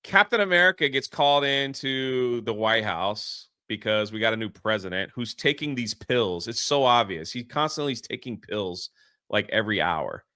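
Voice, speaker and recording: A man's voice: medium pitch, animated, normal speed, sharp tone, no room sound, studio quality. A man hosting a podcast, giving a casual, rambling spoiler recap of a movie with lots of fillers. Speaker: podcast host.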